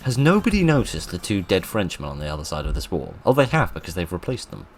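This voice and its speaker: Deep-voiced man doing game commentary. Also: sing-song, fast, faint music behind. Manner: self-mocking, giggly. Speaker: gaming video host. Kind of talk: casual let's-play commentary.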